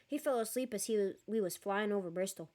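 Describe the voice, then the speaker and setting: A woman reading aloud and voicing a huge, soft-hearted male giant who talks in a rough, plain way. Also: mid-range voice, fast talker, close to an everyday voice. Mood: earnest. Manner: earnest, rough and plain-spoken.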